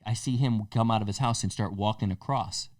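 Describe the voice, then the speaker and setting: A young man co-hosting a casual podcast, animated and profane as he acts out the people in his stories. He sits a little away from the mic in a dry, dead room. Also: on the low side, fairly quick, no echo, far from the mic. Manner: animated, swears freely, acts out quotes. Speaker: podcast co-host. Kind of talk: casual storytelling chat.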